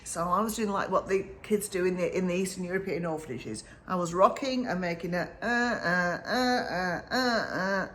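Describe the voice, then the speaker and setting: A woman's voice: on the low side, a little hiss or hum. Earnest woman from northern England, emotional. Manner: earnest, emotional, halting with restarts. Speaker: sleep consultant. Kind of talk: personal storytelling to camera. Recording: roomy echo with faint ambience.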